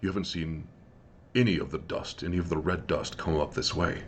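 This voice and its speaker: A man voicing a huge older man, hushed and worried. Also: fairly even intonation, fairly quick, a little hiss or hum, natural voice. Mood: hushed urgent. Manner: low, hushed and earnest.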